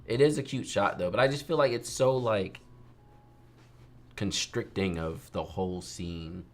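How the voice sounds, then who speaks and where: Animated young man ranting casually. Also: on the low side, unhurried. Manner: animated, ranting, mimics others. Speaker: photographer teaching photo editing. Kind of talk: casual livestream chat while editing.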